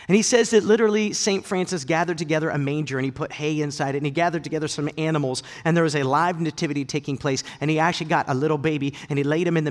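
A male pastor delivering a sermon in a dramatic way, swinging between loud declarations and hushed moments. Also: a little high. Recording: long hall reverb.

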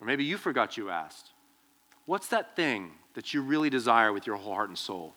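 A young man preaching to students as their pastor, telling a personal story with lively, acted-out quotes. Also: mid-range voice, moderate pace. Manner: animated storytelling, acts out quoted voices. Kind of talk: youth sermon with personal story.

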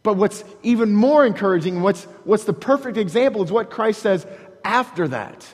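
A man preaching a sermon as a pastor, earnest and halting, often repeating words as he restarts, breaking into dramatic quoted prayers. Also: high-pitched, lively intonation, a little mellow, long reverb tail.

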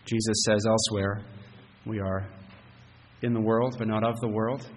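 A man's voice: on the low side, flat delivery, normal speed, long reverb tail, poor audio. A male pastor preaching a sermon, talking conversationally with rhetorical questions and frequent restarts.

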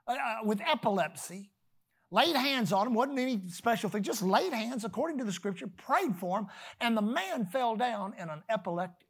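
Emphatic preacher swinging loud to hushed. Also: mid-range voice, husky. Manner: reads scripture slowly and deliberately; calls on the congregation to repeat words. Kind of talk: sermon.

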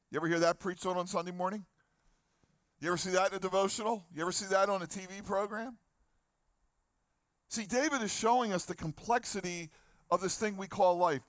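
An older man preaching a sermon outdoors, lively, asking the crowd questions and acting out the psalms he quotes. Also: high voice, fairly quick, dry recording. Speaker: pastor. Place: outdoor lawn gathering.

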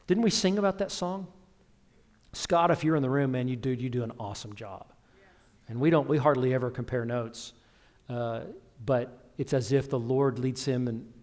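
A man's voice: mid-range voice, a little mellow. A man preaching a sermon, building intensity with repeated phrases and drawing the congregation in with direct asides. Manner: preaching with rising intensity and repetition. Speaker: pastor.

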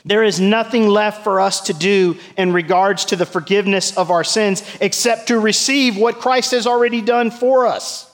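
A middle-aged man preaching a sermon as pastor, swinging from emphatic peaks to hushed lines and asking the congregation questions. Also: high voice, fairly even intonation, moderate pace, hardly any pauses, in a large hall. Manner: rises to emphatic peaks and drops to hushed asides, asks the church questions.

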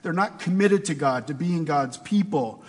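A man's voice: a little high, animated, normal speed, breathy edge, in a large hall. A man preaching a sermon in a conversational way, asking his listeners rhetorical questions. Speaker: pastor.

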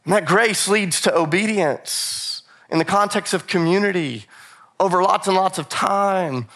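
A man preaching a sermon, animated and repetitive for emphasis, acting out scripture quotes in casual voices. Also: on the high side, gravelly. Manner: repeats phrases for emphasis. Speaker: pastor.

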